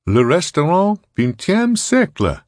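Man doing a formal disembodied announcer, pushed loud and high. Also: wildly swooping pitch, slow, dry recording, clean studio sound, heavily acted. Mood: grand. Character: disembodied restaurant announcer with a pronounced accent.

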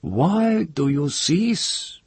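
A man's voice: fairly high pitch, lively intonation, drawn-out words, husky, no echo, voice pushed up, exaggerated voice. A man voicing a chief who questions and orders the singer in a raised, insistent voice. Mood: commanding. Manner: commanding, then uncertain. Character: puzzled island chief, man.

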